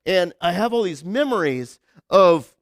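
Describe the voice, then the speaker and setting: Young man, pastor, casual chatty sermon, high voice, dry close sound. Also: expressive, a little slow, no room sound. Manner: chatty storyteller, many repeated "like" and restarts.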